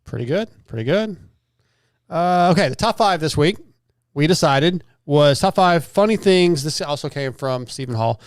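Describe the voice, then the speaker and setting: A man's voice: fairly high pitch, moderate pace, smooth, no echo, studio quality. A man hosting a podcast, running the segments in a loose, joking way. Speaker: podcast host. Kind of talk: casual podcast chat.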